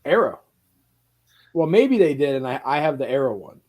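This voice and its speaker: Animated man chatting about films. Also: medium pitch, normal speed. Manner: animated storyteller, swears casually. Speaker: podcast co-host. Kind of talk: casual chat.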